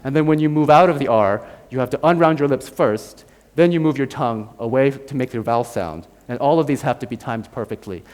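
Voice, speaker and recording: A man's voice: mid-range voice, brisk, hardly any pauses, a little mellow. An American man giving a university lecture. He explains step by step, demonstrates sounds aloud and keeps checking in with "right?". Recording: long hall reverb.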